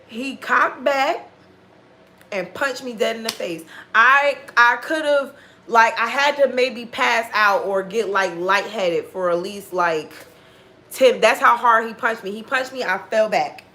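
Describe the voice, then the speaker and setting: A woman's voice: a little high, slow, sharp tone, a little hiss or hum. A woman telling a personal story in a casual monologue, blunt and full of swearing, acting out what people said. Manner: blunt and heavily profane, acting out quoted dialogue.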